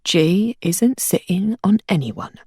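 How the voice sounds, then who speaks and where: A woman reading aloud, voicing a clever, cheeky teenage boy in a plain, calm voice. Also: on the low side, measured pace, no echo, studio quality, voice pushed down. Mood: calm, wry.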